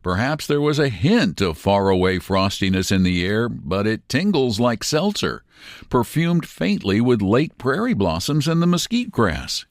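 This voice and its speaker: A man reading a classic story aloud in measured, expressive narration. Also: medium pitch, no room sound, studio quality.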